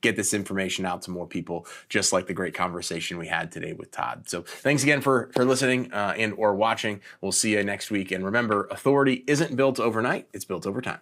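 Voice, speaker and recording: A male podcast host with a fairly low voice. He talks in a relaxed, casual way and closes the episode with a friendly sign-off to listeners. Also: quick pace, hardly any pauses. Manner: relaxed, gives short affirmations, reads a friendly outro.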